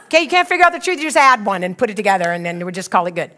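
A woman's voice: mid-range voice, sing-song, very fast, sharp tone. A woman in her sixties, a pastor, telling a funny story in a sermon and acting out her own part with laughter. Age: 60s.

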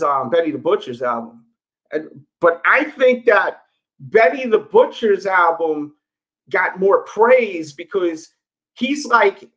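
Male YouTuber, high-pitched, loose and candid, off-the-cuff commentary. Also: a bit bright, rough recording. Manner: rambling and candid, lots of fillers. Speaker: sneaker YouTuber. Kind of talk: casual solo commentary.

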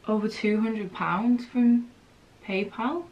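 A woman who owns a small business, chatting casually to the camera in her home studio, excitable and giggly. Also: fairly high pitch, highs cut off. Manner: excitable, giggly, talks to camera while packing. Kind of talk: casual vlog chat.

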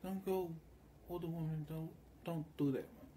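A man's voice: fairly high pitch, fairly even intonation, normal speed, dark tone, a little hiss or hum. A man talking in a loose, meandering monologue, often slipping into quoted voices as he tells his story. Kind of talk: rambling monologue.

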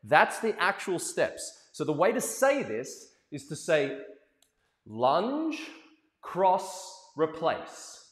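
A man's voice: fairly high pitch, sing-song, measured pace, few pauses, a bit bright. A middle-aged man teaching a live dance lesson, coaching with energy and calling out counts and step names. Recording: echoey hall with music playing.

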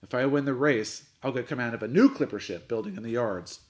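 A man voicing a gruff old sea captain who bellows orders and roars at everyone. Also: mid-range voice, brisk, natural voice. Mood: blustering. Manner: roaring, barking orders.

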